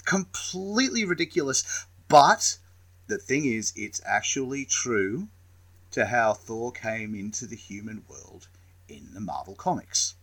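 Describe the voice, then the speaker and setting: A man co-hosting a podcast in casual chat, swearing freely with animated asides. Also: medium pitch, a little slow. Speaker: podcast co-host.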